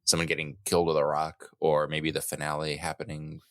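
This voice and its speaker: A man's voice: rumbling low, monotone, brisk, a bit bright, clear, resonant tone, no room sound, clean studio sound. A man co-hosting a podcast in casual chat, playful with jokey asides.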